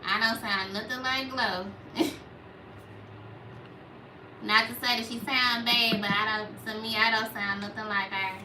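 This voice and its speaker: A young woman with a Memphis Southern accent talks casually to her livestream viewers in a small, rather high voice. She chats along and reads out their questions. The sound is roomy and echoey, as if she sits back from the mic. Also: steady tone, a little slow, long pauses, pushed and bright, far from the mic, a little hiss or hum. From Memphis, Tennessee. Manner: chatty, reads out viewer comments. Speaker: livestream host.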